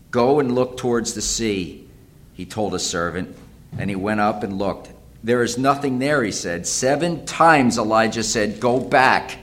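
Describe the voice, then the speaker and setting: This man's voice sits on the low side as he delivers a sermon, reading and interpreting scripture, frequently repeating phrases and building to loud dramatic cries.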